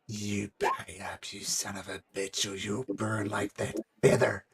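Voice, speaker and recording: A man's voice: fairly low pitch, little pitch movement, a little slow, creaky, a bit bright, slightly rough, voice pushed down, full character voice. A man voicing a crude, menacing male thug who growls threats.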